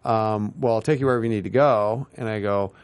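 Man, lowish voice, quick talker, rambling interview guest, tangents and acted-out quotes. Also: darkish tone, clear, resonant tone. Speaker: guest, TV writer and producer. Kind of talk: casual interview storytelling.

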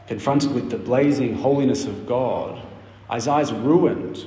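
A man preaches in a church hall, and his voice rings with a long, roomy reverb. He reads scripture and explains it emphatically, holding dramatic pauses. His pitch sits at a middling level. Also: mellow, a little hiss or hum. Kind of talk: sermon.

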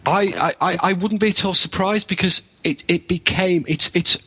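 A man hosts a casual podcast chat, explaining at length with a skeptical edge and frequent restarts. His voice is bright but husky. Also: sits high, steady tone, normal speed. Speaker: podcast host.

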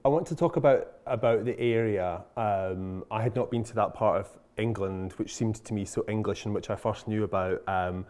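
A man's voice: on the low side, moderate pace, few pauses, a little mellow. A man interviewing an author, asking chatty and enthusiastic questions. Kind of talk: conversational interview.

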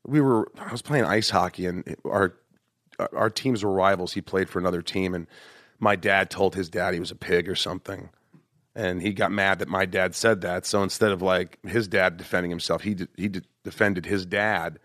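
A man hosting a podcast, telling self-mocking stories in a casual, animated way and slipping into acted voices. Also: low voice, moderate pace, no room sound, clean studio sound. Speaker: podcast host. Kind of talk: casual storytelling chat.

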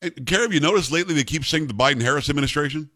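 A man's voice: a little high, racing, bright, forceful tone. A man in his fifties hosting a talk radio show, giving opinionated commentary in an emphatic, conversational way and mixing in personal stories.

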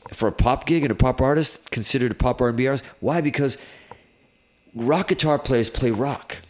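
A middle-aged man, a guest guitarist, telling stories in a casual interview, rambling and animated with lots of "like"s. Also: mid-range voice, normal speed. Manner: animated, rambling, filler-heavy with many "like"s.

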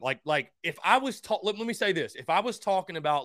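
A young man hosting a call-in sports talk show, high-energy and rambling, often stumbling over his words as he gets worked up. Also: lively intonation, quick pace, few pauses, fairly bright tone, no echo, clean studio sound. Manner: stammering restarts. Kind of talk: call-in sports radio chat.

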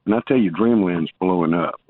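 A man's voice: deep voice, a little fast, no room sound. A man calling in to a talk show, rambling, restarting his sentences and teasing the host good-naturedly. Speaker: caller. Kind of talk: casual call-in banter. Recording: tinny phone line.

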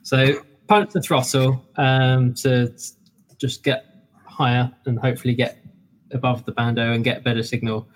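A man's voice: medium pitch, level tone, normal speed. Rambling man telling a story. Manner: rambling, many restarts and fillers. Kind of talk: casual chat.

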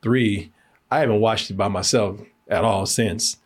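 A man hosting a podcast, reviewing a movie in slangy, animated, laughing casual chat. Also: lowish voice, measured pace, husky.

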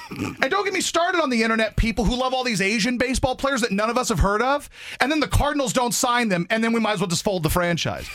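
Subbing in on sports radio, a Baton Rouge, Louisiana native rants quickly about fans, trades stories with his co-host, and slips into high, squeaky voices to mock them. His delivery is animated throughout. The sound is dry and studio-grade, picked up on a studio mic.

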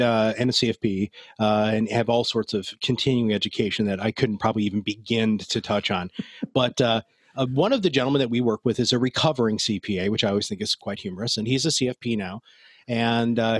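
A man's voice: medium pitch, slightly rough, no room sound. A man speaking as a guest in a casual podcast interview, chatty and laughing as he tells stories. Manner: chatty, laughing, many fillers and restarts. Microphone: headphones and studio mic.

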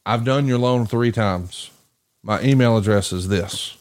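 On the low side and a little slow, a male podcast host tells a story in casual chat. His storytelling is profane and animated, packed with swearing and acted-out quotes in other people's voices.

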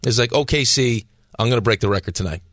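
A man's voice: mid-range voice, fast, fairly bright tone, dry recording, studio quality. A man cohosting a casual sports radio show, teasing his partners and giving emphatic opinions.

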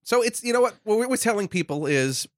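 A man guesting on a podcast, talking in a quick, wry and self-deprecating way. His voice sits a little high and swings widely in pitch. The sound is dry and close. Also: animated, no echo. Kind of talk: casual chat. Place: podcast studio.

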